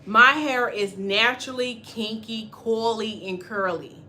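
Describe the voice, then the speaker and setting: A woman with a bright, somewhat high voice teaching a relaxed hair-care class. She talks in a lively, chatty way and slips into little put-on voices when she quotes people. A faint hiss sits behind her. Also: unhurried. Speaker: natural hair stylist and channel host.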